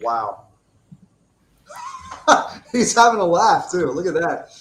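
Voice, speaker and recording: A man's voice: on the high side, sing-song, normal speed. A man co-hosting a live football watchalong, reacting with enthusiastic exclamations. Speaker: podcast co-host. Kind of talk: live match watchalong commentary.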